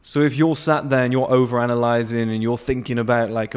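A man's voice: medium pitch, fast talker, few pauses. A man in his late twenties, ranting bluntly and profanely to camera outdoors on his patio. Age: 20s. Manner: blunt, profane, swearing freely. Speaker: men's self-improvement vlogger. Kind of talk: unscripted motivational rant to camera.

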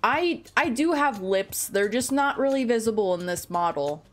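A woman with a slightly high, animated voice chats at a moderate pace on a casual gaming stream. Close to her desk mic at home, she rambles and jokes at her own expense.

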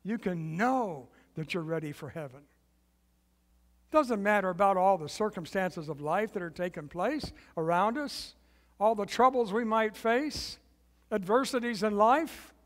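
A man preaching a sermon as guest pastor, leading the congregation in call and response with slow, emphatic repetition. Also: high voice, a bit bright, big-room sound. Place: church sanctuary.

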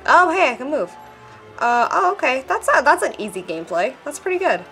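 Excitable woman chatting over a game. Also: sits high, brisk, soft background music. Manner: chatty and excitable, reads game text aloud. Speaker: gameplay vlogger. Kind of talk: casual let's-play commentary.

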